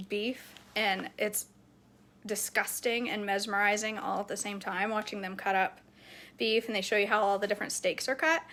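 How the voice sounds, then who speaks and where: A woman's voice: mid-range voice, sharp tone. A woman in her forties casually chatting through a grocery haul, rambling through asides and laughing easily. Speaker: vlogger showing grocery haul. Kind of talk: casual chat.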